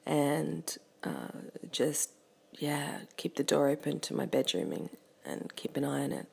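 A woman with a hoarse, sick voice chatting casually to listeners while she cooks, often half-whispering, with an accent from outside the US. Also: low-pitched, lively intonation, slow, darkish tone. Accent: non-US English. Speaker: podcast host. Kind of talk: casual chat while cooking.

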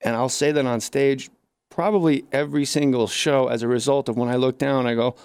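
A man telling stories in a casual interview, animated and acting out the people he quotes. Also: mid-range voice, fairly quick, clear, resonant tone, dry recording. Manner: animated, acts out quoted voices. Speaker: comedian guest. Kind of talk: casual storytelling.

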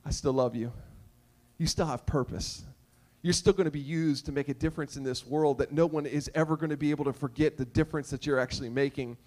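A man voicing a calm, loving teacher figure in a sermon, speaking gently and reassuringly in casual words. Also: mid-range voice, normal speed, pitched below the performer's own voice, lightly acted. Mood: gentle.

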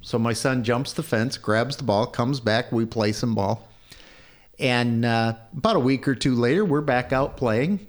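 A middle-aged man telling a personal story in casual conversation, growing animated when he quotes people. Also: unhurried. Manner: animated when quoting, raises pitch for dialogue.

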